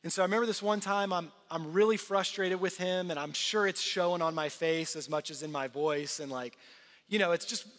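High-voiced man preaching in a reverberant hall. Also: brisk, a bit bright. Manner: earnest, conversational preaching with repeated restarts. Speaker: pastor. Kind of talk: sermon. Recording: long reverb of a large hall.

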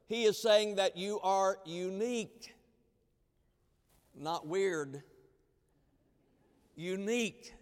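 A man preaching a sermon as pastor, emphatic and repetitive, swinging between loud declarations and hushed lines, in a church sanctuary. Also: high voice, clean tone. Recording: long hall reverb.

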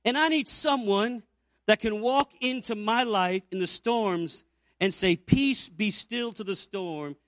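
A man in his fifties preaching an Easter sermon as pastor, building to emphatic peaks and dropping to quiet low stretches. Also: unhurried, dry recording, clean studio sound.

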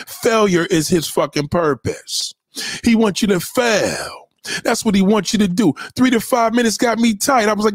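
A man's voice: high-pitched, moderate pace, no echo, studio quality. A man ranting on a livestream in a heated, preachy way, swearing constantly and repeating his points. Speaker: livestream host. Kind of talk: profane motivational rant. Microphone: home webcam mic.

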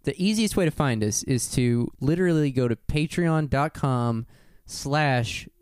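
A man's voice: mid-range voice, lively intonation, measured pace, a little mellow, clean tone, dry recording, studio quality. A man hosting a podcast, talking loosely and rambling, laughing often. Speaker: podcast host. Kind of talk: casual podcast chat.

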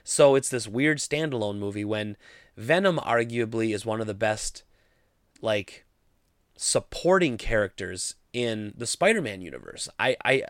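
A man's voice: mid-range voice, a bit bright, no room sound, clean studio sound. A man giving a casual, opinionated movie review, sounding exasperated as he critiques the film.

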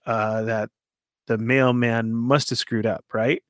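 A man's voice: medium pitch, slow, no echo, studio quality. A man casually telling a long story, laughing often and acting out what people said. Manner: animated, laughs often, acts out quoted voices.

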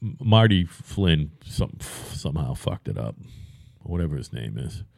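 A man's voice: rumbling low, sing-song, moderate pace, gravelly, darkish tone, dry recording, clean studio sound. A man in his fifties with a Boston accent, swearing freely in blunt casual banter. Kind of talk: casual chat.

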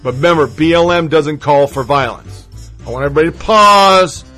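A man's voice: on the high side, brisk, sharp tone, faint music behind, low-quality recording. A man giving profane political commentary, sarcastic and swearing a lot.

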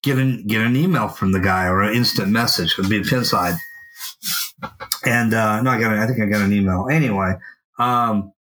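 A man co-hosting a podcast, telling a long story in a casual, animated way and swearing freely. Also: fairly low pitch, normal speed, rough recording. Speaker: podcast co-host. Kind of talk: casual chat. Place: at home.

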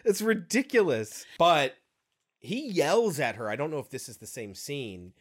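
A man co-hosting a podcast, chatting casually about a film in an animated, profane way with quick asides. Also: fairly high pitch, slightly rough. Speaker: podcast co-host.

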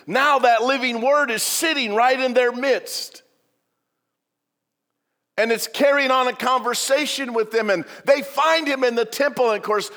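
A man's voice: high voice, a bit bright, long reverb tail. A male pastor giving a sermon in a church, telling the story with humor and joking asides.

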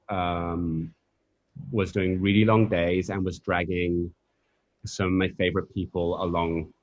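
A man's voice: low voice, dry recording, dull audio. A man talking as a guest in a podcast interview, thoughtful and reflective, with loose phrasing and fillers. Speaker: coffee professional guest. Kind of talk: casual interview chat.

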